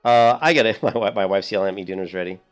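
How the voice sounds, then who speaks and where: A man in his thirties, a streamer telling a rambling, animated story in casual gameplay commentary. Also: on the low side, fast talker, soft background music.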